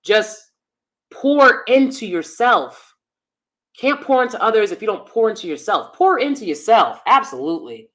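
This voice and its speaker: Very animated, with a slightly high and fairly bright voice at a moderate pace, a woman hosts a casual livestream chat. She reads viewer comments and delivers emphatic, opinionated advice with lots of repetition for stress.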